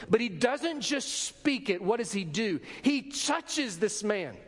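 A man's voice: high voice, expressive, normal speed, few pauses, big-room sound. A man preaching a sermon as pastor, asking rhetorical questions and acting out short quotes.

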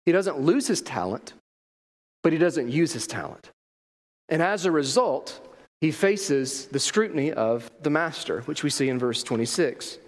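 A man's voice: fairly high pitch, sing-song, unhurried, long reverb tail. A man delivering a sermon as a pastor, emphatic and full of rhetorical questions.

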